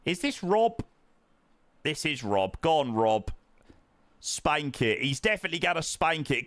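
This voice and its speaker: A man's voice: on the high side, sing-song, unhurried, pauses often, a bit bright, no room sound. A young man streaming a flight sim, chatting casually with viewers in matey banter full of fillers. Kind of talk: casual live-stream chat, answering viewers.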